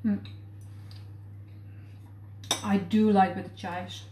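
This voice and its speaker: Woman, home-cooking vlogger, unhurried chatty delivery, roomy kitchen sound. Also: mid-range voice, level tone, warm tone, slight background noise. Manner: chatty, thinks aloud while tasting. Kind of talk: casual cooking vlog chat.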